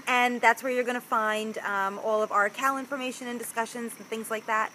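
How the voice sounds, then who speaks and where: A woman's voice: a little high, fairly even intonation, brisk, sharp tone, slight background noise, poor audio. A woman co-hosting a knitting podcast, chatting casually and laughing often, with lots of "like" fillers. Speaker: podcast co-host. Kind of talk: casual chat.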